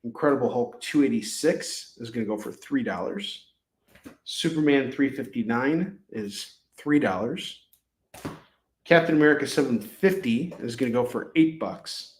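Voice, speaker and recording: Slight background noise accompanies this man's medium-pitched, expressive voice, which moves at a measured pace through an echoey room. He hosts a live comic sale, pricing issues with rambling, jokey patter.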